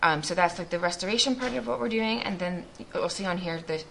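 Earnest low-voiced woman giving a testimony. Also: brisk, vocal fry, a bit bright, slight background noise. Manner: earnest and reflective, with frequent restarts. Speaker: missionary speaker. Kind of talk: faith testimony talk to a group.

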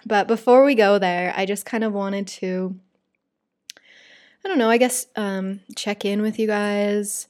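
A woman's voice: mid-range voice, darkish tone. Chatty woman hosting a podcast. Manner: chatty, confiding, many "like" and "you guys" fillers. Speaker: podcast host. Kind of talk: casual solo podcast chat.

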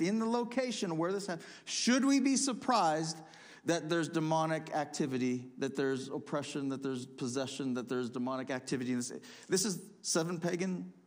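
Animated preaching man. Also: a little high. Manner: animated preaching, rising to emphatic peaks; reads scripture aloud, then explains it. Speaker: pastor. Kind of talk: sermon.

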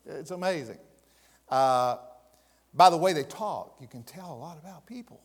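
Southern pastor, middle-aged man, folksy and emphatic sermon, slightly high pitch. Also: lively intonation, moderate pace, husky, in a large hall. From American South. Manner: folksy, emphatic, rising to loud peaks.

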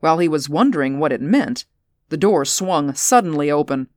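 A woman narrating a story aloud in a measured audiobook reading. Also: low-pitched, lively intonation, darkish tone, no room sound, studio quality. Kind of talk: audiobook narration of science fiction.

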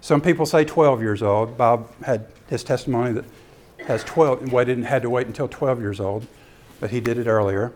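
Guy giving a sermon talk, medium voice, animated storyteller. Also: mid-range voice, moderate pace, a little hiss or hum. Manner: animated storyteller who acts out scenes. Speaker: ministry speaker.

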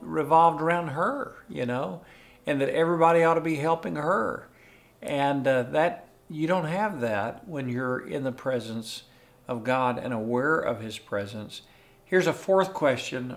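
An older man hosting a faith podcast, teaching in a conversational, earnest way and chuckling often. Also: on the high side. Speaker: podcast host and pastor.

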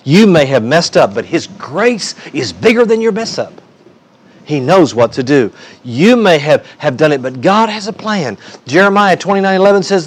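A male pastor preaches with emphatic, folksy conviction. He speaks in a high voice and mixes in humor. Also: big pitch swings, normal speed, slightly rough. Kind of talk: sermon.

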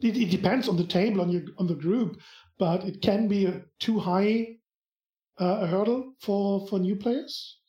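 A man with a German accent, a podcast guest in casual chat, talking in a halting way as he searches for words. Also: high voice, warm tone, dull audio. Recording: echoey room.

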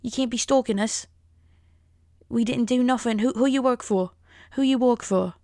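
A woman's voice: a little high, normal speed, dark tone, dry recording, studio quality, voice pushed up, natural voice. A woman voicing an indignant man with a wobbly Scottish-sounding accent, firing off demanding questions.

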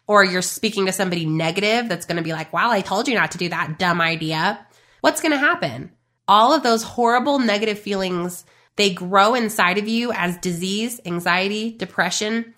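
A woman in her thirties talks straight to her listeners in a chatty, emphatic motivational style. Her voice is bright and forward, sitting at an ordinary pitch for a woman. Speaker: podcast host and business coach. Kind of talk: casual motivational talk.

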